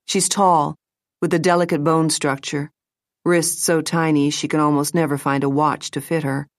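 A deep-voiced woman narrates an audiobook, keeping an even, measured storytelling tone. There's no echo, and the sound is clean studio audio.

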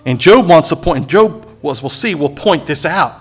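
A man's voice: a little high, expressive, moderate pace, slightly rough. A man preaching a sermon, who reads scripture aloud, acts out its characters with sarcasm and asks the congregation for responses. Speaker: pastor.

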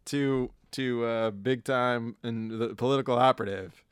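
Male podcast host, 30s, rambling storyteller; smooth, resonant, dry close mic. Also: medium pitch, steady tone, a little slow, no room sound. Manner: rambling anecdotal storyteller, swears freely. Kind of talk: casual chat.

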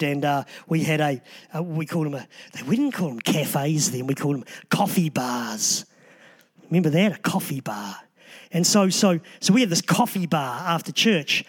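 High-voiced male preacher, conversational. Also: moderate pace. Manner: conversational preaching with frequent restarts and asides. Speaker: pastor. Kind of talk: sermon.

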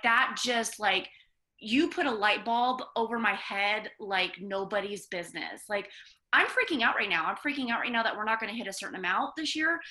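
A woman's voice: a little high, pushed and bright. A woman, a podcast co-host talking openly and emotionally about her own struggles. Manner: open, candid and emotional. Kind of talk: casual podcast interview.

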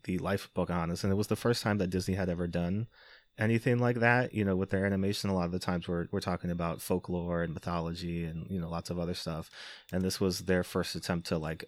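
A man's voice: low-pitched, dry recording. A man hosting a podcast, recapping a movie in a wry, casual way with lots of fillers and chuckles. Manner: wry, laughing, filler-heavy. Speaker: podcast host.

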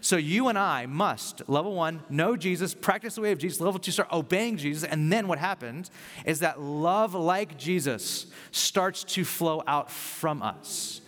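A male pastor giving a sermon, conversational and animated as he tells a personal story. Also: fairly high pitch, measured pace. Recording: long reverb of a large hall.

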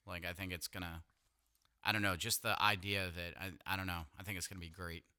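Low-voiced, bright, excitable man. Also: quick pace. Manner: excitable, swears, laughs easily. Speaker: podcast co-host. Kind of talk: crude casual chat.

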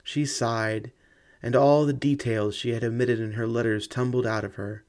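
A man's voice: medium pitch, fairly even intonation, moderate pace, a little mellow. Man narrating a ghost story. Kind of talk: scripted audiobook narration.

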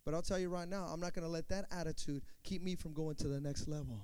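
A man preaching a sermon as pastor, moving from quiet asides to loud build-ups, acting out quoted voices and calling on the congregation to respond. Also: on the high side, steady tone, fast talker, clean tone. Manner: dynamic preaching, swinging from quiet to shouting.

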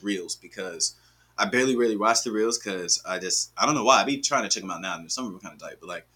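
A young man chatting casually as a podcast guest, telling animated, slang-filled stories and laughing often. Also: on the low side, quick pace, slightly rough. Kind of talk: casual chat.

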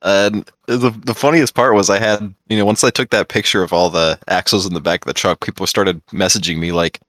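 A man, co-hosting a podcast and telling stories in casual chat, excitable and swearing freely. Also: deep voice, brisk, dry recording. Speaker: podcast co-host.

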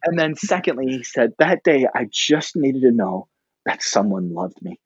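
A middle-aged man, a pastor, telling a personal story casually and animatedly, often jumping up in pitch for the voices he quotes. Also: moderate pace, breathy edge, no echo, highs cut off. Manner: animated, breaks into high-pitched quoted reactions.

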